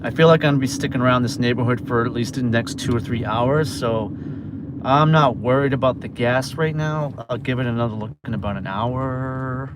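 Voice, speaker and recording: A man's voice: mid-range voice, a little fast. Chatty man livestreaming from his car. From New York. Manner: chatty, talks to viewers while reading orders aloud. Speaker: delivery driver livestreamer. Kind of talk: casual livestream chat while driving. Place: inside a car on city streets. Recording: phone mic with road noise. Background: car and traffic noise.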